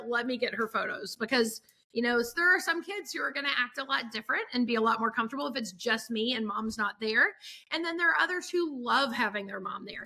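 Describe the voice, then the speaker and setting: A woman's voice: fairly high pitch, pushed and bright. A woman photographer, a podcast guest, telling stories in a chatty way, full of fillers and acted-out quotes. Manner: chatty storyteller, acts out quotes, many fillers. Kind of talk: casual podcast chat.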